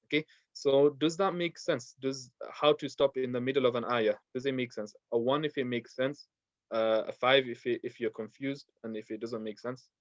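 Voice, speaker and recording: Male recitation teacher: steady, repeats each step, mid pitch, dry and slightly muffled audio. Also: normal speed, no echo. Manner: patient, repeats steps, recites verses in Arabic. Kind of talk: online class lesson.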